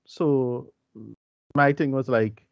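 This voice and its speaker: A man's voice: mid-range voice, steady tone, drawn-out words, clear, resonant tone, dry recording, muffled recording. A man co-hosting a podcast film review in casual chat, blunt and dismissive, often saying "like, look" and "whatever".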